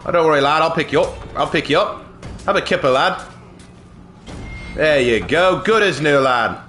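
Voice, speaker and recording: Male streamer, playful fake British accent, bright and bouncy delivery, high voice. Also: lively intonation, normal speed, faint music behind. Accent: put-on British. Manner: playful, hammy mock-British slang. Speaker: game streamer. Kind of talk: gaming livestream commentary.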